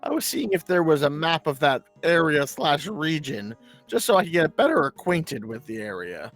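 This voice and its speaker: A man playing a tabletop game, role-playing his character in a matter-of-fact, deadpan way. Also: on the high side, normal speed, faint music behind.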